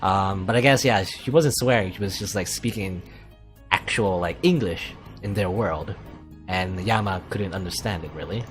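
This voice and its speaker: A man with a fairly low voice hosts a let's play, reading the game's lines aloud and drifting into loose, thinking-aloud tangents full of fillers. Now and then he slips into a mock posh voice for a quip. Faint music plays underneath. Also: expressive, normal speed. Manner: puts on a mock posh British voice for quips. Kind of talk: reading a visual novel aloud with commentary.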